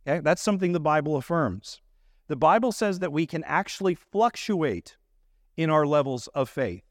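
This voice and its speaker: A man's voice: on the high side, dry recording, studio quality. A man pastor preaching a sermon, explaining scripture in an earnest, teaching manner.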